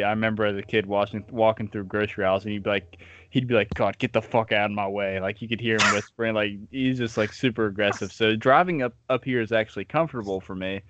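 A man's voice: on the low side, fairly bright tone, slight background noise. A young man from the States, a podcast co-host telling stories in casual chat, laid-back and profane, laughing often. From Southern United States. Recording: slightly muffled, dry audio.

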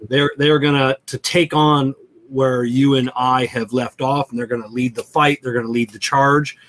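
A middle-aged man hosting a show, speaking in a halting way with many fillers and a hopeful tone. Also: medium pitch, flat delivery, fairly bright tone, slight background noise. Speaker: host. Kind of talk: casual conversation.

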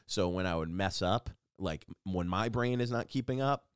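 A man's voice: low-pitched, moderate pace, clear, resonant tone, no echo, clean studio sound. A man hosting a casual solo podcast, rambling and self-deprecating with lots of restarts. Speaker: podcast host.

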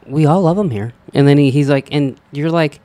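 A middle-aged man co-hosting a podcast in casual chat, speaking haltingly with dry teasing asides. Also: fairly high pitch, dark tone, dry recording. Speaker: podcast co-host.

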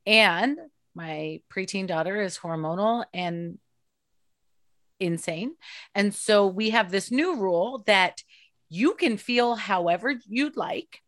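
A woman in her forties in candid casual chat, expressive and swearing freely as she acts out her own moods. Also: slow, dry recording, studio quality. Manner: expressive, swears freely, mimics herself with big pitch jumps.

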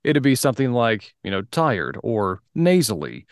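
A man's voice: medium pitch, big pitch swings, moderate pace, no room sound, clean studio sound. A man hosting a casual podcast interview, chatty and easygoing, laughing often as he explains things. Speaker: podcast host.

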